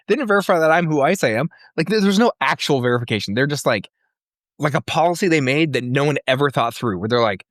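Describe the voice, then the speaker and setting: A man's voice: medium pitch, a bit bright, no room sound, studio quality. A man co-hosting a casual comedy podcast, telling an exasperated story with plenty of swearing. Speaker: podcast co-host.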